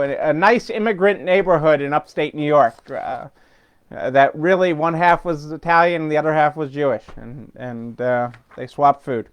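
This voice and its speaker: A man's voice: a little high, clean tone, dull audio. A middle-aged man hosting a weekly business update, talking casually and rambling with fillers, restarts and chuckles. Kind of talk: casual unscripted talk.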